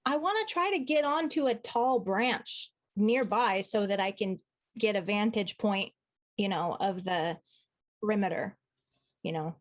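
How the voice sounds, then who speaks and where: A woman's voice: mid-range voice, a little slow. A woman playing in a tabletop game, chatting and thinking aloud about her moves. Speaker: player. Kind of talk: casual tabletop play.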